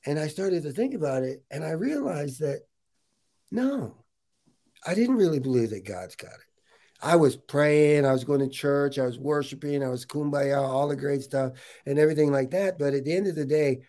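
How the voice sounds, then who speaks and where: A middle-aged man chats casually as a podcast host. His voice sits fairly high for a man, and he tells his story with plenty of energy and a lot of "dude.". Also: moderate pace. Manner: animated storytelling, says "dude" often. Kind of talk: casual interview chat.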